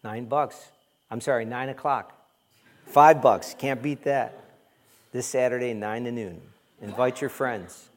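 Pastor, male, mid-pitched, conversational sermon with humor. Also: fairly even intonation, a little slow. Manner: conversational, humorous, mimics complainers.

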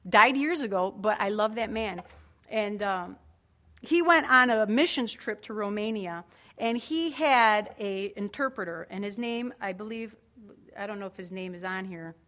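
A woman's voice: mid-range voice, measured pace, a bit bright. A woman preaching a sermon in an earnest, emphatic way, with conversational asides to the congregation.

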